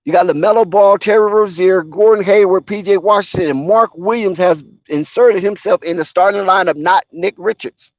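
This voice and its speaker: A man's voice: high-pitched, moderate pace, hardly any pauses, no echo. Man, live sports commentary, opinionated, conversational, dull lo-fi recording. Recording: dull lo-fi sound.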